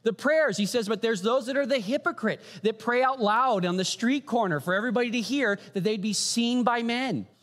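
A man preaching a sermon, animated, often asking the audience "right?" and posing rhetorical questions. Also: extremely high pitch, moderate pace, few pauses. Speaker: pastor. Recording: long hall reverb.

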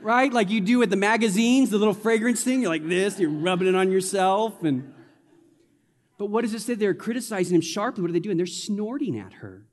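A man with a fairly high voice preaches to his congregation, with a loose, conversational delivery and playful asides. His voice rings out with a long reverb from the church hall. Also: animated, brisk. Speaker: pastor. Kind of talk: sermon. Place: church sanctuary.

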